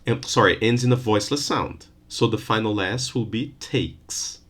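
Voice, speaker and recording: A man's voice: lowish voice, a bit bright. A man giving a recorded university lecture on phonetics, explaining patiently and often checking in with "okay?". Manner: slows down to stress rules and example words.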